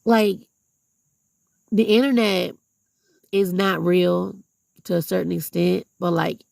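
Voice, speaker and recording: Woman vlogger, gravelly fry, dry close sound, blunt and preachy. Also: fairly low pitch, steady tone, takes it slowly, darkish tone, no room sound. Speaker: vlogger and substitute teacher. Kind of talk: heartfelt casual vlog monologue.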